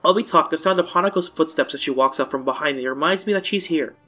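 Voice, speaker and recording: A man's voice: fairly high pitch, fast, pushed and bright, faint music behind. Casual man reading a story aloud. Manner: casual, stumbles and corrects himself. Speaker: let's-play host. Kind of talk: reading a visual novel aloud.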